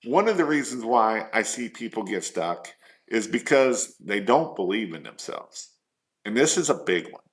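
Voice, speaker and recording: A man's voice: fairly low pitch, very animated, normal speed. A man coaching small business owners in a live stream, earnest and repetitive, firing off rhetorical questions.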